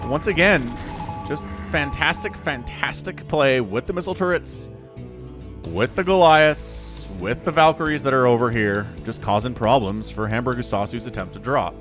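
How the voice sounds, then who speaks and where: A young man giving chatty, excitable solo play-by-play commentary on a strategy video game, laughing now and then as he talks. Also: medium pitch, moderate pace, faint music behind. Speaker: esports caster.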